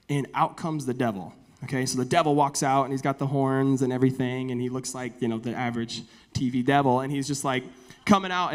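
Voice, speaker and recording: A youth pastor preaches in a loose, joking way, chatting with the congregation and spinning a funny story. His man's voice sits on the higher side. The long reverb of a church sanctuary hangs behind every phrase. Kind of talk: comedic sermon.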